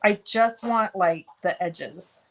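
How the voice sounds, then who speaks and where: A woman leads a live cardmaking lesson in a chatty, easygoing way. Her voice sits at an ordinary middle pitch. She talks through each step as she works and pauses to answer viewers by name, often poking fun at herself. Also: creaky, poor audio. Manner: self-deprecating, talks while working. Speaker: crafting stream host.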